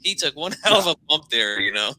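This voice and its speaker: A man hosting a casual wrestling talk show, telling stories in an animated way and often tacking on "man". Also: fairly high pitch, fairly quick, no echo, rough recording. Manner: animated storyteller, says "man" a lot. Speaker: wrestling podcast host. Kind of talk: casual chat.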